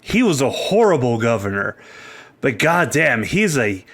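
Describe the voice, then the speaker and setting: A man co-hosting a casual podcast chat, swearing freely, rambling and animated. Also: medium pitch, a little slow. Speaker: podcast co-host.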